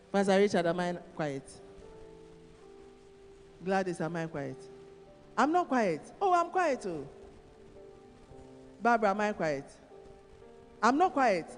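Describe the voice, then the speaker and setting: A woman with a Ghanaian accent giving a sermon at a conference, teasing and calling on audience members by name. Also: medium pitch. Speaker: conference speaker. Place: church hall. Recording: long hall reverb, faint music.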